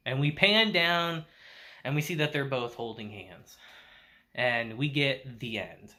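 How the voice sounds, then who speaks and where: Chatty young male reviewer, bright tone, animated pitch, laughs and swears. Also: unhurried. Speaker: anime reviewer. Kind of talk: casual video review.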